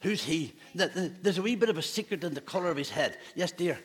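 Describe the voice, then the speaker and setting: A man's voice: fairly high pitch, quick pace, breathy edge. A man, a pastor giving a playful children's talk in a church service, asking the children questions. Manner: playful, asks children questions, laughs often.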